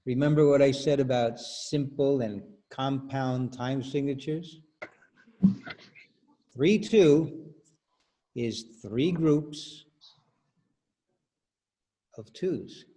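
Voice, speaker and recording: A man's voice: mid-range voice, extremely slow, long pauses, dark tone. A man teaching rhythm as a choral director in an online workshop, patiently explaining and counting beats aloud over a video call.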